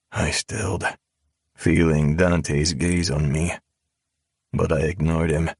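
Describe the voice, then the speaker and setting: A man narrating a first-person audiobook in a calm, cold drawl. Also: a bass voice, takes it slowly, gravelly, breathy edge, no echo, clean studio sound.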